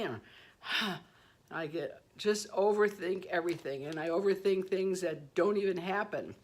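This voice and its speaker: A woman in her sixties chatting casually on her vlog, self-deprecating and quick to laugh at herself, telling stories with playful asides. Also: lowish voice. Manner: warm storytelling with playful asides. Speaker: beauty vlogger. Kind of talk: casual personal vlog chat.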